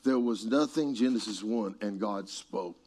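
Preaching a sermon in a husky, low voice, a man speaks a little slowly as he tells stories and turns aside to address people in the room. He veers between hushed moments and shouting.

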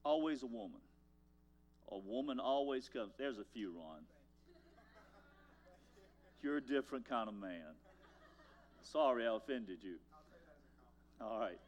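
An older man preaching a sermon as pastor, telling folksy stories and swinging from loud lines to hushed ones. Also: mid-range voice, expressive, a little slow, pauses often.

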